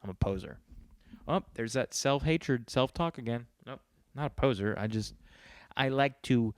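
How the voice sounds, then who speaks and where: A man's voice: mid-range voice, expressive, moderate pace, no echo. A man from New York hosting a podcast, talking in a rambling, profane, joking casual monologue. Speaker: podcast host.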